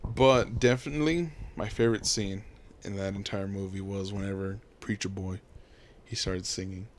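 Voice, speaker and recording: A man's voice: low voice, moderate pace, a little hiss or hum. A young man co-hosting a podcast, talking casually and rambling with lots of fillers. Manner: rambling, many fillers, animated. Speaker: podcast co-host.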